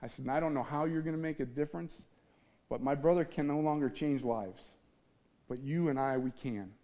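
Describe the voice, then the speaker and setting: A man from the Midwest, his voice a little high, mellow and fairly quick, delivers an earnest testimony to an audience on stage. He tells his story feelingly and imitates the voices he quotes.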